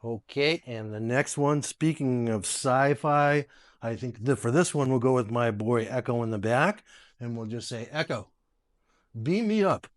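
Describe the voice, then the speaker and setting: A man hosting a casual tech video, chatty and quick to laugh, giving voice commands to smart speakers at home. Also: mid-range voice. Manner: chatty, laughs often, restarts phrases.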